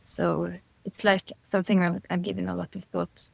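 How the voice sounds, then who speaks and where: A woman's voice: fairly low pitch, little pitch movement, moderate pace, vocal fry, no echo, rough recording. A middle-aged woman being interviewed, talking thoughtfully and searching for her words, often breaking into light laughter between thoughts. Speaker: guest. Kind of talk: casual interview conversation.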